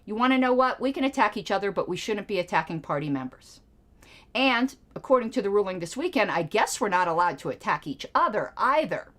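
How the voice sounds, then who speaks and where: Combative woman host with a lively voice. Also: medium pitch. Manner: sarcastic, combative, profane. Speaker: show host. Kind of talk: ranting live-stream monologue.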